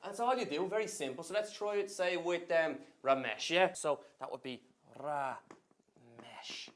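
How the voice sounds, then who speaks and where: A man playing a brisk Dublin slang teacher. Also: a little high, fairly bright tone. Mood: instructive. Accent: Dublin Irish.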